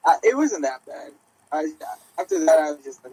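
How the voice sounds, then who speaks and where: A man's voice: fairly high pitch, big pitch swings, brisk, a little mellow, husky, rough recording. A young man, a guest on a casual podcast, rambling through stories, swearing casually and laughing. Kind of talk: casual chat.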